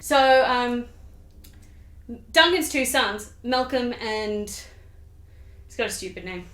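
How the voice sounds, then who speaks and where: In a roomy, echoing recording, a woman hosts a video giving a comedic summary of a play, chatty and sarcastic with rambling asides. Her voice is a little high, animated and a bit bright, and she takes her time.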